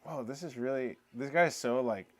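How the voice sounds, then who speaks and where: Man, middle pitch, casual rambling storyteller, lots of fillers. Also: normal speed. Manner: relaxed, rambling, lots of fillers like "you know" and "eh". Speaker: host of a live talk stream.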